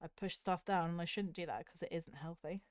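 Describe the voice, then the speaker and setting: A young woman from the south of the UK with a Southern English accent, chatting openly with her stream viewers in a soft, candid, self-critical way with hesitant restarts. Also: fairly low pitch, a little fast, no room sound, studio quality. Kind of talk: casual chat with stream viewers.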